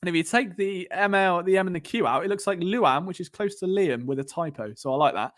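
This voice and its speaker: A man's voice: high voice, brisk, fairly bright tone. Rambling English man on a live stream. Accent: Southern English. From England. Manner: rambling, conversational with frequent fillers and restarts. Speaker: podcast host. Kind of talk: casual live-stream commentary.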